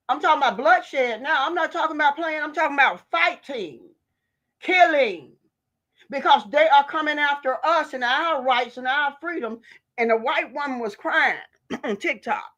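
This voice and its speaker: A woman's voice: high voice, a bit bright. A woman from the United States, a vlogger delivering an impassioned political rant in a fiery, preachy, emphatic way.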